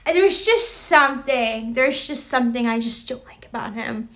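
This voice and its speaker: A woman with a high voice, chatting live with her viewers in a casual, rambling way. Her tone is bright and forceful, full of "like" and restarts as she reacts to comments. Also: normal speed.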